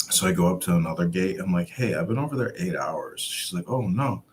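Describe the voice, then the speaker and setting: A man's voice: sits low, normal speed, a little hiss or hum. A man telling a rambling travel anecdote in casual chat, acting out the other people's lines and laughing along. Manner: animated anecdote-telling with acted-out quotes and laughs.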